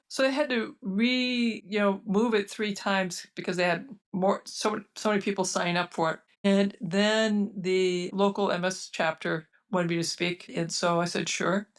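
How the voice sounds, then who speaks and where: A woman's voice: medium pitch, steady tone, unhurried, hardly any pauses, recorded from a distance. Woman telling her story, slightly off-mic. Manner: earnest storytelling in present tense, emotional peaks. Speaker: podcast guest, physician. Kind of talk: personal story in conversation.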